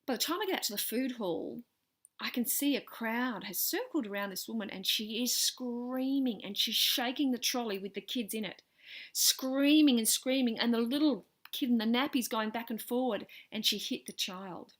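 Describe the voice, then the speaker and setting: A woman's voice: on the high side, normal speed. Woman, middle-aged, personal storytelling vlog, earnest, voice swells then drops to a near whisper. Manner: earnest, animated, voice rising with intensity and dropping to near whispers. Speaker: vlogger sharing personal stories.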